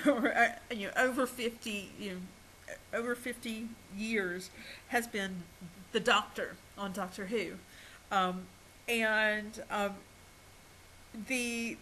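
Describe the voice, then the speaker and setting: A woman's voice: medium pitch, bright, forceful tone, slight background noise, poor audio. A woman giving a recorded college lecture, hesitant, with many ums and restarts and small laughs at herself.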